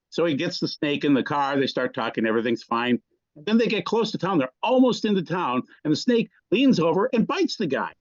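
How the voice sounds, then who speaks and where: A man with a slightly higher voice tells jokes in a relaxed way on a video call, laughing often and acting out the characters' lines. The call audio is dull and dry. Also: fairly quick, no room sound. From small Swedish town in the US Midwest. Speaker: participant in a Zoom class. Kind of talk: casual joke-telling on a video call.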